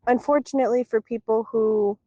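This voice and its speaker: A woman's voice: a little high, fairly quick, dry recording. Frank woman co-host, dull dry sound. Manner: steady, supportive, frank about hard topics. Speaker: podcast co-host. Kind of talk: casual podcast chat.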